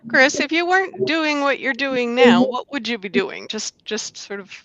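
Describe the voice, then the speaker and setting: Creaky-voiced woman host, dry lo-fi audio. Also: sits high, moderate pace, a bit bright, dry recording. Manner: conversational, affirming with short backchannels. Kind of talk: casual interview. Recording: dry, dull lo-fi sound.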